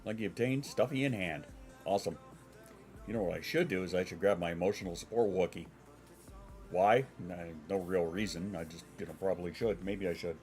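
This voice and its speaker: A man's voice: low voice, brisk, a little mellow, faint music behind. A congested man streaming from home, chatting casually with his viewers and swearing now and then. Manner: rambling, swears, answers chat.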